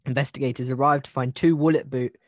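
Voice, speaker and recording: A man's voice: medium pitch, fairly even intonation, quick pace, no echo, studio quality. Man hosting a joking true-crime chat. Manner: joking, rambling with restarts. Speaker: podcast host. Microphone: video call.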